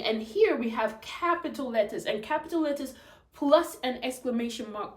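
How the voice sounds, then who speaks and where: A woman's voice: fairly high pitch, roomy sound. A woman teacher giving chatty, demonstrative tips on telling stories to children. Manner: chatty, demonstrative, switches into character voices. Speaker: English teacher.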